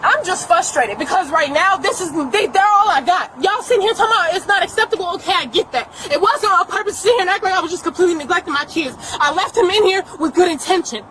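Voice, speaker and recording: Upset high-voiced young woman, bodycam. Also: animated, fast talker, hardly any pauses. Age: 20s. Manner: emotional, defensive, swearing, repeating herself. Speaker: mother being questioned by police. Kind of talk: heated argument. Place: outdoor mall parking lot. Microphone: police bodycam. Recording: bodycam audio with crowd and noise.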